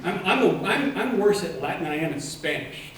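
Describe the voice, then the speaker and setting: A man delivers a keynote talk with an animated, joking energy, tossing questions out to the audience. His voice sits a little high. It rings through a large echoing hall, picked up from some way off the mic. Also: brisk, far from the mic. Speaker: keynote speaker. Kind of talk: lively conference keynote talk. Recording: echoey hall, mic set back.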